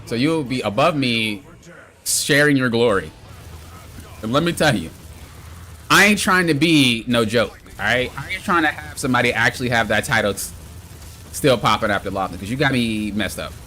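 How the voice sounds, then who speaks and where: A man live-streaming a video game with excitable, exclamatory commentary, yelling at mishaps and trash-talking his friends. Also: medium pitch, moderate pace, soft background music.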